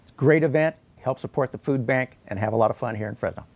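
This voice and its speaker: A man's voice: mid-range voice, fast talker, slightly rough. An older man promoting an event in a studio interview, plainly announcing dates and details.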